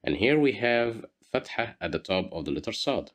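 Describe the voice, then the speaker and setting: A man's voice: on the low side, sing-song, a little fast. A man teaching a beginner language lesson, patiently repeating each word for learners to copy.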